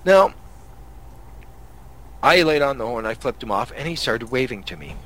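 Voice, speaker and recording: Husky, foul-mouthed Canadian man ranting. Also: mid-range voice, very animated, normal speed, fairly bright tone. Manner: angry, swearing storyteller. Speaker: podcast host. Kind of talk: profane casual rant.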